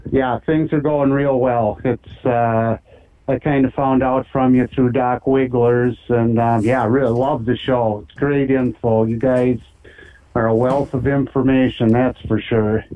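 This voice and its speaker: A man's voice: mid-range voice, fairly even intonation, measured pace. A man with a Minnesotan accent calling in to a show, friendly and rambling with lots of fillers. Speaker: caller. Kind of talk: casual call-in chat. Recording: tinny phone line.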